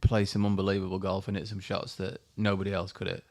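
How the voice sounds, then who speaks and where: Man in his fifties, low voice, animated storyteller guest. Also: fast talker, creaky. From England. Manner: animated anecdotes, acts out voices. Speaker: golfer guest. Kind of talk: storytelling interview.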